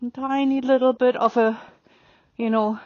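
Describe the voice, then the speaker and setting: A woman riding a horse and calmly explaining her training as she goes, pausing to speak softly to the horse. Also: high-pitched, no room sound. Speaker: riding instructor. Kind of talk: narrating while riding. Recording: dry, dull lo-fi sound.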